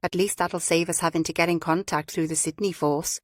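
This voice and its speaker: A woman's voice: on the low side, steady tone, brisk, dry recording, clean studio sound, close to an everyday voice. A woman voicing a middle-aged male chief inspector who speaks tersely and matter-of-factly. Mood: curt.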